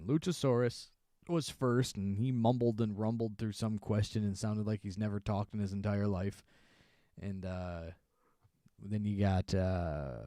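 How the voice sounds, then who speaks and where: A man co-hosts a podcast and recaps wrestling shows in loose, rambling, sarcastic chat. His voice is mellow and dark, recorded dry and close. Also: fairly low pitch, no room sound. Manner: rambling, sarcastic, acts out wrestlers' shouted lines. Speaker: podcast co-host.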